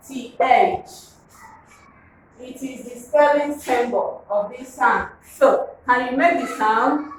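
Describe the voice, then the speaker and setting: A woman teaching phonics in a slow, deliberate way, repeating each word and asking listeners to say it back. Her voice sits a little high and comes from some distance from the mic, in a very echoey room with a faint hum behind. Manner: slow, drilling, repeats words and asks to pronounce. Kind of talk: classroom phonics lesson.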